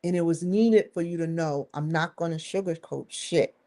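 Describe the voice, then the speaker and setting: A woman's voice: lowish voice, normal speed, dark tone. A woman talking to the camera in a rambling, candid vlog monologue, swearing freely and leaning hard on stressed words. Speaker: vlogger.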